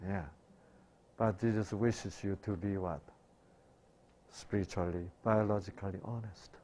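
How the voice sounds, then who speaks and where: Man preaching health stuff, slow, asks "what?" then answers, repeats himself a lot. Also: fairly low pitch, steady tone, warm tone. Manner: asks rhetorical questions and answers them himself; broken, repetitive phrasing. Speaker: health lecturer. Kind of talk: sermon-style health talk.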